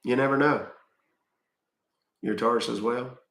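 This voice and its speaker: A man's voice: mid-range voice, normal speed, creaky, reverberant. A middle-aged man from Texas hosting a casual livestream, reading viewer questions aloud and answering bluntly with dry jokes. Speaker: livestream host answering chat.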